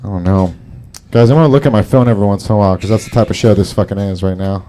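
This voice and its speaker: A man with a low, warm voice races through a stand-up set at an open mic held in a small garage, with a little hiss or hum on the recording. Of Salvadoran and Brazilian heritage, he rambles, mocks himself, and does lots of profane crowd work.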